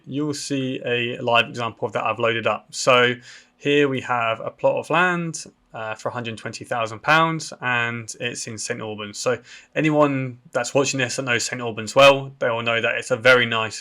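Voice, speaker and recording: A man's voice: medium pitch, moderate pace, pushed and bright. A man from the UK hosting a property education channel, casually walking viewers through a land listing on screen. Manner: casual, explanatory, with fillers. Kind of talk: screen-share walkthrough.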